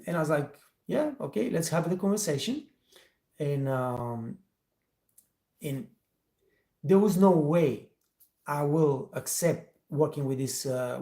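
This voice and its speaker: A man with a mellow, dark voice tells a motivational story to his viewers. He is emphatic and addresses them directly, and his English has non-native phrasing. His voice sits in a roomy, echoey space. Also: a little high. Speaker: host, restaurant trainer.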